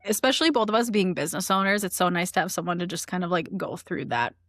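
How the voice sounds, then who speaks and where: A woman's voice: fairly low pitch, fast talker, fairly bright tone, dry recording. A woman talking as a podcast guest in casual chat, chatty and full of "like" fillers, on a close mic.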